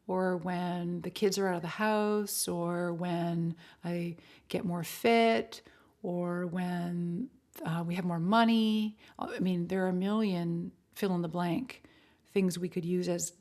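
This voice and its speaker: A woman talking as a podcast guest, animated and chatty, with many fillers and quick bursts of speech. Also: lowish voice. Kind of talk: casual interview chat.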